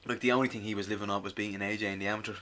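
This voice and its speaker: A man's voice: on the low side, fairly even intonation, sharp tone, slight background noise. A man co-hosting a podcast in casual chat, chatty and often restarting his sentences. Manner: quick, stumbling restarts, chatty. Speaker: podcast co-host.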